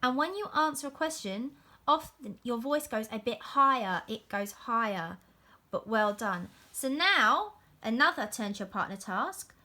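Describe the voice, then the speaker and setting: Teacher lady doing a reading lesson for little kids, high and bright, super encouraging. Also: lively intonation, unhurried. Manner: encouraging, sing-song classroom talk. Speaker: primary school teacher. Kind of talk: recorded reading lesson for young children. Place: home.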